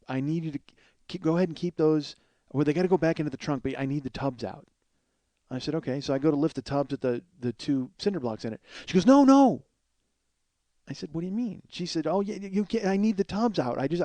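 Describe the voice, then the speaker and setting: A man in his forties rambles through a comic story on his podcast, swearing freely and getting worked up. His voice is dark and mellow, and it sounds dry and close. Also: on the high side, dry recording. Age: 40s. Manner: profane, exasperated, storytelling with quoted exchanges. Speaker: podcast host.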